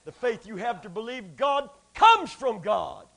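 A man delivers a fervent sermon, one moment shouting and whooping, the next dropping to a hush. His voice sits unusually high and has a rough, gravelly edge. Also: sing-song, a little slow. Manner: swings from shouting to hushed, whooping. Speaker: preacher.

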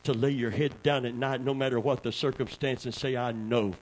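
A male pastor, preaching a sermon in a call-and-response style that swings from quiet, low talk to shouted exclamations. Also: steady tone, a little fast, poor audio.

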